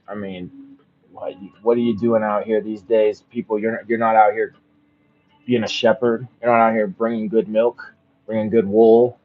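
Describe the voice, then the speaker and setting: The sound is phone quality as a man with a lowish, flat voice slowly reads a bedtime story aloud. Occasionally he breaks off to offer some relaxed, musing commentary.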